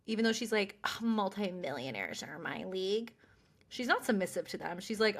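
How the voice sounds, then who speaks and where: A woman co-hosting a podcast, chatting casually and recapping episodes with lively quoted voices. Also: medium pitch, normal speed, breathy edge. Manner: animated, quotes characters in snappy voices. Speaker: podcast co-host.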